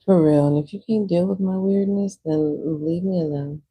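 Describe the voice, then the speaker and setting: A woman's voice: lowish voice, moderate pace, mellow, husky, low-quality recording. A young woman livestreaming, chatting casually while she paints, rambling with lots of "like" fillers.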